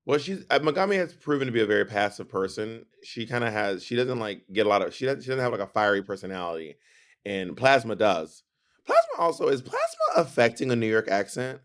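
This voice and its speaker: A man in the middle of a casual recap chat, his voice sitting at an everyday middle pitch. He lays out plots at length and argues his points with sassy emphasis. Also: huge pitch swings, fairly quick, fairly bright tone. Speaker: podcast co-host.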